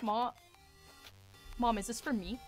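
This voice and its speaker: A woman putting on a whiny, bratty southern kid boy who nags his mom loudly, as a comedic voice while streaming a game. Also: on the high side, steady tone, slow, soft background music. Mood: indignant. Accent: Southern US, put on. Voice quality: whiny, loud and demanding.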